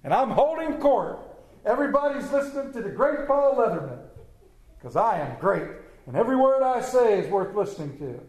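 A man's voice: high-pitched, big pitch swings, normal speed, darkish tone, muffled recording. A man from Maryland preaching a sermon as pastor, telling stories with self-mocking humor. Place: church sanctuary. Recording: echoey church room.

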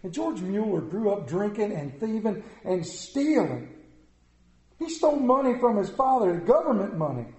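A middle-aged pastor preaching a sermon, telling folksy stories with self-deprecating humor. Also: male voice, high-pitched, big pitch swings, normal speed, darkish tone, roomy sound.

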